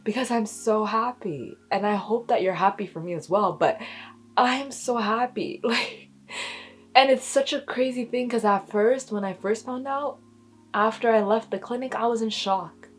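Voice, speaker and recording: A young woman, a stay-at-home mom, telling a story to her camera in a casual, emotional way, holding back tears. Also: on the high side. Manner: emotional, talks slowly, near tears. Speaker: vlogger, expecting mother.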